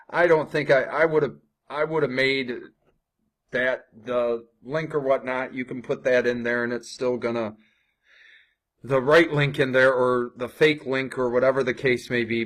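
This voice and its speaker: A young adult man coaching viewers on ad copy in a casual, conversational way, often tacking on "right?" and restarting sentences. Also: medium pitch. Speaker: online marketing coach. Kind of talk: casual screen-share tutorial.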